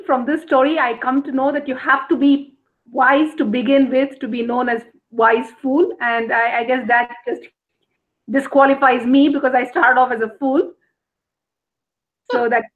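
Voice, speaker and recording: High-voiced woman on a tinny call line. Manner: self-deprecating. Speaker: online storytelling participant. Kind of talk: casual comment. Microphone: video call. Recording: tinny phone-like call audio.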